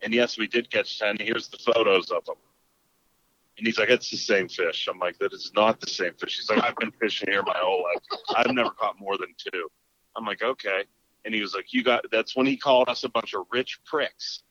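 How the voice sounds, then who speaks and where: A man with a low voice tells a story in casual talk and acts out each side of the argument. The recording is dry and a little dull. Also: fairly quick, no room sound. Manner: animated, acts out both sides of the exchange.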